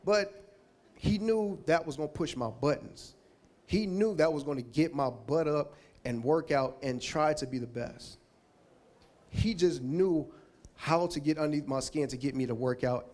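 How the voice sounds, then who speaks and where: A man's voice: a little high, normal speed, darkish tone. A man giving a heartfelt, rambling Hall of Fame acceptance speech, thanking people one by one.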